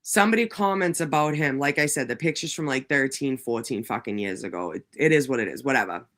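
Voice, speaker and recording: Profane, animated woman livestream host. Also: very deep voice, fast talker. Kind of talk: casual livestream chat.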